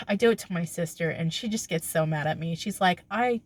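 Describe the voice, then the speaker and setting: A woman's voice: fairly low pitch, moderate pace. A young woman vlogging casually to camera, rambling and breaking off mid-thought, acting out little exchanges and laughing often. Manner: rambling, self-interrupting, laughs often, acts out quoted exchanges. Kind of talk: casual confessional talk to camera.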